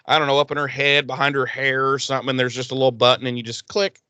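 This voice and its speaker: A man's voice: mid-range voice, fast, clean tone, no room sound. Podcast guy recapping an episode, lots of cussing, does little voices for characters, dry close mic. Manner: profane, animated, acts out characters' lines. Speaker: podcast co-host. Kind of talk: casual chat recapping a TV episode.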